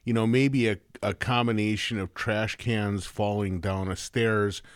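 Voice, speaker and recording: Male podcast host, lowish voice, easygoing jokey questions, close dry recording. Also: a little slow, smooth, no room sound. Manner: relaxed, joking asides. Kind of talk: conversational interview.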